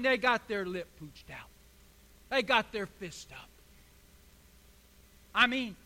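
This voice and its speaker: A high-voiced, bright-toned male pastor delivers a sermon, swinging from quiet asides to loud emphatic bursts. His voice rings out with a long echo in a large hall. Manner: preaching with rising emphatic bursts. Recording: echoey hall.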